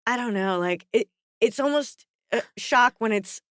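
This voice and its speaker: A woman's voice: fairly high pitch, lively intonation, normal speed, fairly bright tone, dry recording, clean studio sound. A woman co-hosting a casual podcast, rambling with many fillers and laughing through tears. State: tearful, on the verge of crying. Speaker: podcast co-host. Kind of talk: casual chat.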